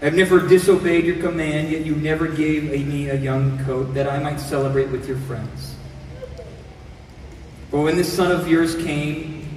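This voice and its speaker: A man preaches a sermon in an earnest way, moving between reading scripture and explaining it. His voice sits high and carries from some distance off the mic. A long, ringing reverb fills the hall around him. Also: a little hiss or hum.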